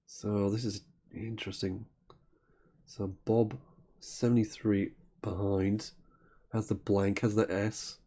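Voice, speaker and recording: A man calls a word game live, thinking aloud as he goes and often stopping to correct himself. His voice sits fairly low, with a soft, mellow tone. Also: little pitch movement, slow pace, long pauses. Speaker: Scrabble commentator.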